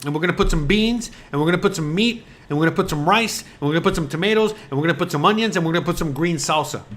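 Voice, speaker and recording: A woman's voice: on the low side, racing, lightly acted. A man voicing a practical, plainspoken Mexican wife who lists off dinner ingredients in a matter-of-fact way.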